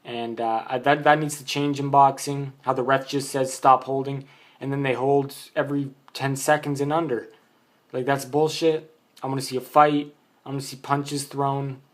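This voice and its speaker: A man's voice: mid-range voice, level tone, normal speed. A man giving a casual, blunt boxing opinion monologue, rambling with many fillers. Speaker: boxing vlogger.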